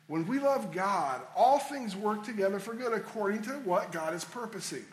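High-pitched guy preaching, earnest, lots of repeats, roomy echo. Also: animated, moderate pace. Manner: earnest, conversational preaching with repeated phrases for emphasis. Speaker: pastor. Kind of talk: sermon.

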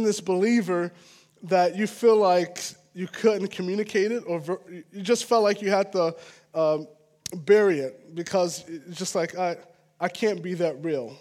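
A man's voice: high voice, fairly even intonation, a little slow, a little mellow. A man preaching a conversational sermon as a pastor, casual and earnest, checking in with listeners as he goes. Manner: casual and earnest, with frequent "all right?" asides.

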